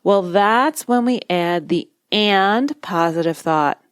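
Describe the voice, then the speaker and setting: A woman hypnotist talks through her methods on a podcast in a calm, measured voice. She lands key phrases slowly and deliberately. The recording is dry and close, with no room sound. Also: mid-range voice, smooth, no echo. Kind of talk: instructional podcast monologue.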